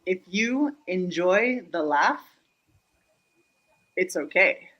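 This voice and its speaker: Joking woman from Germany, animated. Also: lowish voice, dull audio. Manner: animated, joking, quick asides; checks in with frequent "Yeah?". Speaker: guest speaker and humor coach. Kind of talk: live online interview. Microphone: video call.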